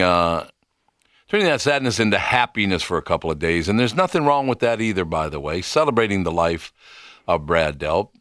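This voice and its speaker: A man's voice: sits low, fairly bright tone, no echo, clean studio sound. A man hosting a morning radio interview, talking conversationally with frequent restarts. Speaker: radio show host.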